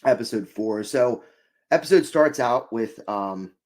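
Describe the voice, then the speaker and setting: A man's voice: mid-range voice, animated, a little slow, a little mellow. A man co-hosting a casual show review, upbeat and rambling, laughing often. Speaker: podcast co-host.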